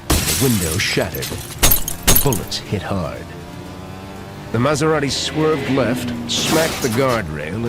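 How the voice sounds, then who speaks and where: A man narrating a thriller audiobook with dramatic reading. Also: fairly low pitch.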